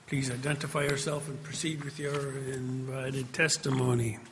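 A man chairs a legislative committee hearing, moving through procedure in a flat, businesslike way. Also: mid-range voice, normal speed, a little hiss or hum.

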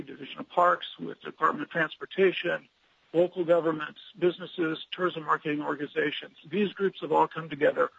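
A man giving earnest public testimony at a legislative hearing, advocating in a measured way with some hesitations. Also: a little high, vocal fry, a bit bright, slightly rough, no room sound. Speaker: public commenter for a statewide trails nonprofit. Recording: dull lo-fi remote audio line.

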